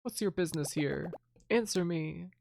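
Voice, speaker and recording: A woman voicing a lonely male ghost who speaks slowly and solemnly. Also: lowish voice, creaky. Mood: stern. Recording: game music playing behind.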